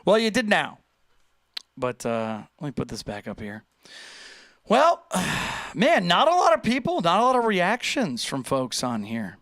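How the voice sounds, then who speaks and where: A man hosting a casual livestream, chatting in an animated way, joking and reading viewer comments aloud. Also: high voice, measured pace, no room sound, clean studio sound. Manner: chatty, animated, reads chat aloud and jokes. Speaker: livestream host reacting to viewer posts.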